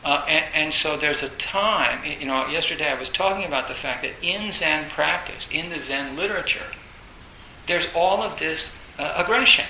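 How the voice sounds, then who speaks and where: A man's voice: fairly high pitch, moderate pace, slight background noise. Man giving a rambling, echoey Zen talk. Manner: rambling, repeats phrases, many fillers; acts out inner voices, bursts loud. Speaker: Zen teacher. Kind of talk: dharma talk.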